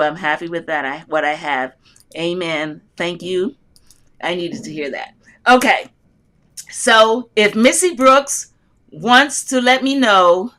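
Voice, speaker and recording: A woman's voice: lowish voice, a bit bright. An older woman hosts a casual live stream, speaking from the heart in a loose, rambling and uplifting way. She reads her viewers' comments aloud and answers them as she goes, talking from an airport. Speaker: livestream host answering loom knitting questions.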